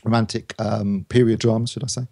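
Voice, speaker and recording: Fast-talking gravelly man reviewing films. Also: fairly low pitch, little pitch movement, mellow. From United Kingdom. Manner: rambling, many ums and restarts. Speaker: podcast film reviewer. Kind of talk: casual podcast chat.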